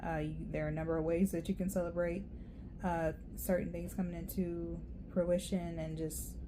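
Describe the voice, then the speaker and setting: A woman giving a casual, rambling tarot reading, chatty and quick to laugh. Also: on the low side, flat delivery, noisy background. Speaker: tarot reader.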